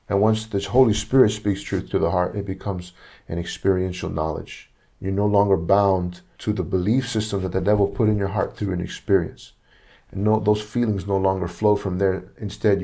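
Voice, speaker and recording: Male preacher, low gravelly voice, earnest storytelling sermon, acts out the dialogue. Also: mellow. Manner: retells conversations, acting out each speaker's lines; earnest, repeats himself while searching for words.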